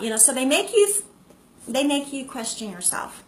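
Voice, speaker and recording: A woman's voice: fairly high pitch, unhurried, fairly bright tone. Chatty woman in an echoey room. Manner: chatty, greets viewers by name. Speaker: live stream host. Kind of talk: casual talk to live viewers.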